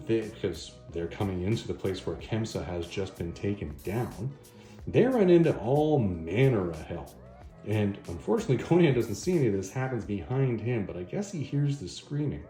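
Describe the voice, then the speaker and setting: A man's voice: on the low side, warm tone. A man hosting a video, casually recapping a comic story with rambling self-corrections. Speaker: video host, comic reviewer. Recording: echoey room.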